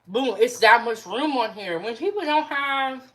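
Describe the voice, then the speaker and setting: Chatty woman hosting a lively cooking stream. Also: fairly high pitch, unhurried. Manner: chatty, reads out and answers live chat comments. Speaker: cooking show host. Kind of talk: casual cooking livestream chat. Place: home kitchen.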